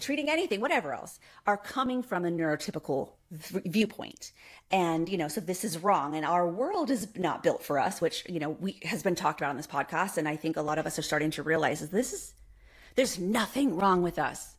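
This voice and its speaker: A woman chatting as a podcast guest, rambling from thought to thought in quick bursts, her pitch jumping up when excited. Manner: animated, expressive pitch jumps. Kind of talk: casual conversational interview.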